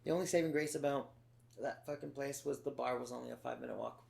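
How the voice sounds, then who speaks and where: A man's voice: mid-range voice, steady tone, fast, gravelly, a little mellow. A man from Los Angeles, a podcast co-host telling stories in a sardonic, profane way. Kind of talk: casual chat.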